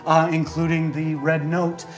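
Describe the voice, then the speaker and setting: A man's voice: fairly high pitch, level tone, unhurried, faint music behind. A man narrating a tabletop game as game master, in a loose, rambling way full of fillers.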